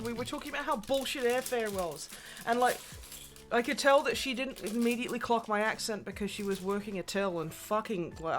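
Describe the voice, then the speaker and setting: A woman's voice: a little high, fairly bright tone. A woman from Australia with an Australian accent, co-hosting a casual livestream and joking and swearing freely. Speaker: co-host.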